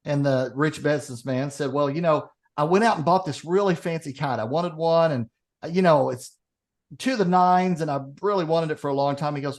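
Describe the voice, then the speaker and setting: A man's voice: on the high side, brisk. A man, co-hosting a podcast, telling a long joke and acting out its characters. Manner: animated storyteller, acts out characters. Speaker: podcast co-host. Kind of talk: casual chat, telling a joke.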